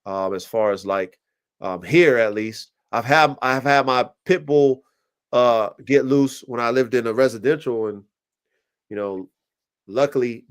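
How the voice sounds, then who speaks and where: A man's voice: mid-range voice, measured pace, smooth. A man hosting a casual livestream podcast, telling rambling, profane stories with lots of energy. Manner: profane, rambling, animated storytelling. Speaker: podcast host.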